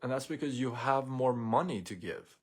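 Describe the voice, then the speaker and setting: A man's voice: medium pitch, normal speed, slightly rough. A man hosting a live show, talking in a blunt, sarcastic, opinionated monologue. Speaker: host of a daily live show. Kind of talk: casual monologue rant.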